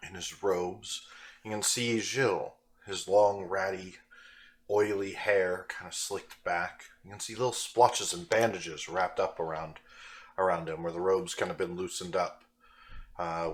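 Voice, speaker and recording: A man running a tabletop game as game master, describing scenes loosely with fillers. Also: low voice.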